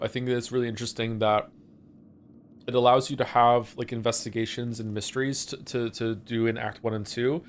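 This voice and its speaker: A man streaming a game, casually thinking aloud as he plays, trailing off and restarting mid-thought. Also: mid-range voice.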